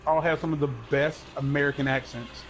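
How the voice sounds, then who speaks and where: A man's voice: on the high side, fairly even intonation, fairly quick, fairly bright tone, slight background noise, low-quality recording. A man co-hosting a casual chat, rambling and joking with many fillers. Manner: rambling, filler-heavy, jokey. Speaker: podcast co-host.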